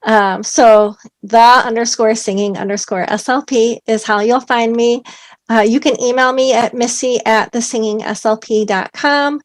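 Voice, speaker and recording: A woman's voice: fairly high pitch, moderate pace. A woman guest in an interview, a speech-language pathologist, talking in an upbeat way with frequent "um" fillers. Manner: upbeat, uses expressive example voices. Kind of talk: conversational interview.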